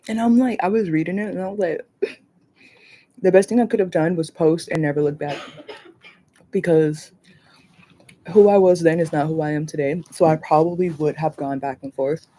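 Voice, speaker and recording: A woman hosting a casual livestream chat, rambling and animated, swearing freely and laughing often. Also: low voice, moderate pace, long pauses. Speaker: livestream host.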